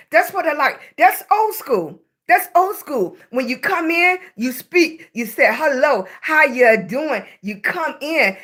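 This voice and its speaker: High-voiced, unhurried Southern woman streaming live. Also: bright, forceful tone. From Southern United States. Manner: chatty, greets viewers by name, calls them baby. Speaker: livestream host. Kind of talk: casual livestream chat with viewers.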